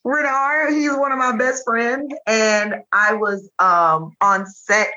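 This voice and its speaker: Bright-voiced woman comedian. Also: fairly high pitch. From Chattanooga, Tennessee. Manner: animated, jokey, rapid bursts. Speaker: comedian guest. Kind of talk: casual storytelling chat. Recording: dull lo-fi sound.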